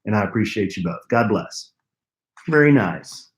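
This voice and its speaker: A man's voice: on the low side, lively intonation, moderate pace, echoey room. A man co-hosting a podcast, reading listener letters aloud with playful, teasing banter. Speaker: podcast co-host. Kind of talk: casual chat, reading listener mail.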